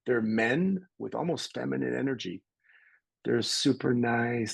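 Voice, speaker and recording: A middle-aged man from Canada, a podcast guest telling stories in a lively conversational way and acting out the voices of people he quotes. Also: mid-range voice, unhurried, gravelly, slightly rough, no room sound, poor audio. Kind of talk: conversational storytelling.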